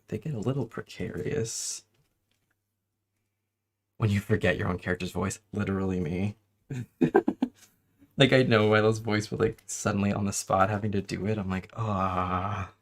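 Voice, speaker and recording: A man chewing gum while hosting a casual livestream chat as he builds a toy kit. He talks softly, mutters to himself and giggles often. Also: on the low side, normal speed, vocal fry, long pauses. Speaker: host.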